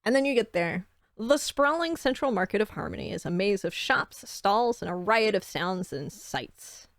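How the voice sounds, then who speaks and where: Woman game master on a stream, gravelly voice, dry close mic. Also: mid-range voice, expressive, moderate pace, no room sound. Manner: chatty, loose improvised narration. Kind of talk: narrating a tabletop game on stream.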